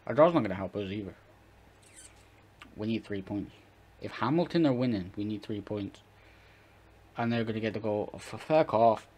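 Excitable, swearing man, low voice. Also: normal speed, pauses often, husky. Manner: excitable, shouts and swears at the match; talks to viewers, chatty and rambling. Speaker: gaming YouTuber. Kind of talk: live football-management game commentary.

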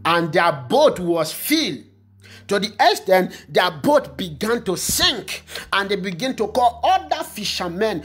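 A man's voice: sits high, big pitch swings, a little slow, fairly bright tone, slightly rough. A man preaching fervently as a pastor, repeating phrases and praying in tongues. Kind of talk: online prophetic sermon and prayer.

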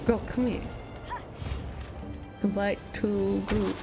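A woman in her thirties chatting casually on a live stream. She swears freely, bursts into loud exclamations, and coos softly to her pet. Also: mid-range voice, unhurried, over music. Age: 30s.

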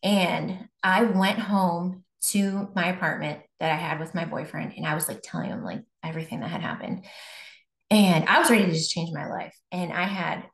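A woman's voice: on the low side, normal speed, creaky. Woman telling her testimony, roomy sound. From Buffalo, New York. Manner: conversational, many fillers and restarts. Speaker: guest. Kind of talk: personal faith testimony. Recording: roomy echo.

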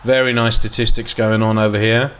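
A man giving casual, excitable commentary while playing a football management game, dropping to mutters and jumping to loud outbursts. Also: lowish voice, fairly quick, a little hiss or hum. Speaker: gaming video host.

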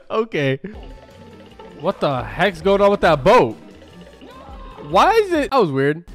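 A man hosting a reaction video, talking casually and excitedly, firing off quick exclamations and calling everyone "bro". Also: a little high, faint music behind.

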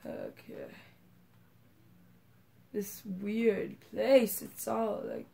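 A woman doing let's play commentary who giggles often and breaks into excited shouts. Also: medium pitch, slow pace, pauses often. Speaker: gamer.

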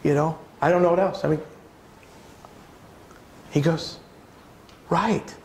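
A man gives a conference talk in a church hall, chatty and personal, often turning to ask the audience questions. His voice carries some gravelly fry, and the room adds a noticeable echo with a faint hum of ambience behind him. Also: on the high side, level tone, unhurried, darkish tone. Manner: conversational, asks the audience questions. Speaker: pastor.

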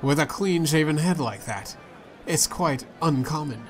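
A man's voice: a little high, animated, a little slow. A man playing a story game, reading its dialogue aloud in a playful way and switching voices for the characters. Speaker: let's play gamer.

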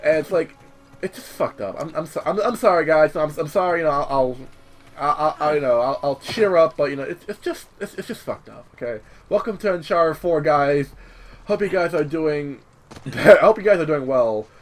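Young male let's-play host, casual and swearing, restarts often, slightly high voice. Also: animated, normal speed, a little hiss or hum. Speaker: gaming channel host.

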